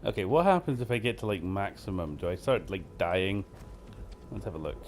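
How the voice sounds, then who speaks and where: A man's voice: low-pitched, lively intonation, fairly quick, slight background noise. A man giving casual, joking commentary while playing a game, laughing often and poking fun at himself. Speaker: game streamer host.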